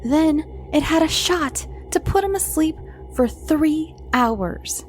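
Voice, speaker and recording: A woman's voice: high-pitched, lively intonation. A woman hosting a show of spooky bedtime stories for children, narrating dramatically and dropping into whispers at times. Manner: slow, dramatic with dips into whispers. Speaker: storyteller host. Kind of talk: bedtime scary story narration for kids. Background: faint music.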